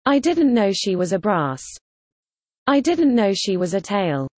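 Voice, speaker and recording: A woman reading example sentences for a slang lesson with a lively, bouncy delivery. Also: mid-range voice, unhurried, dry recording. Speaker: teacher.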